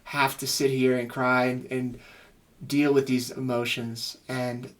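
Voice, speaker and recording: A man's voice: mid-range voice, little pitch movement, unhurried. A man, a psychotherapist, giving earnest reaction commentary on a song, gushing with praise as he reflects on its emotions.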